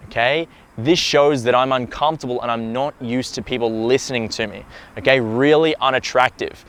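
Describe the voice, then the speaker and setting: A man giving a direct, emphatic lesson as a dating coach, often checking in with a quick "okay?" and swearing now and then. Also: mid-range voice, fairly bright tone, clean tone. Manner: blunt, occasional swearing. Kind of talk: instructional talk to camera.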